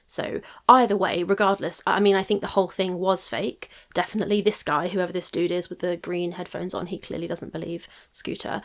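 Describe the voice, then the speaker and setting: Woman host with a low gravelly voice, skeptical rambling commentary. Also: little pitch movement, fairly quick, few pauses. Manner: skeptical, thinking aloud with hedges. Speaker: reaction channel host. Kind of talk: casual commentary.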